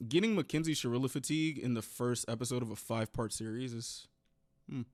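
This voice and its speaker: Young man, reaction host, casual slang, mid pitch, swearing. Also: no room sound, studio quality. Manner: slangy, swearing, quick exclamations.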